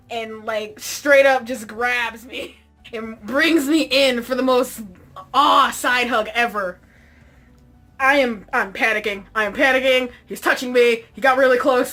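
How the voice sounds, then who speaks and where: A young vlogger tells a comic story from her own life, dramatic and excitable, frequently raising her voice for effect. Her voice sits high.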